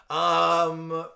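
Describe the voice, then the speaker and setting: A man's voice: a little high, creaky, sharp tone. A man hosting a casual live stream, chatting with viewers by name and laughing often. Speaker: live stream host for card breaks. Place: at home.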